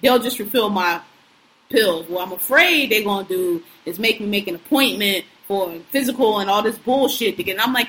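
A woman's voice: medium pitch, moderate pace, fairly bright tone, poor audio. Blunt, profane woman podcast co-host. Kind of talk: casual podcast chat.

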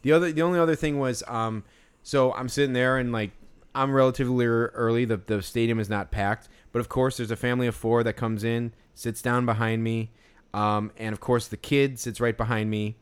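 A man's voice: mid-range voice, fairly even intonation, brisk, smooth. A man telling a story in casual chat, rambling with many fillers and restarts. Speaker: podcast co-host.

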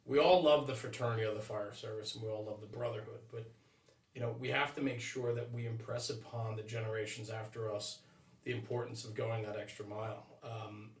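A firefighter reflecting earnestly in a casual podcast discussion, with lots of filler words. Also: male voice, lowish voice, steady tone, a little fast. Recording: roomy sound, distant from mic.

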